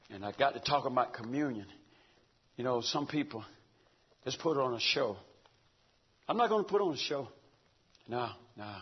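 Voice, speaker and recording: A man preaching a fervent, rhythmic sermon, rising to shouts, recorded in dull lo-fi sound. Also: mid-range voice, slightly rough.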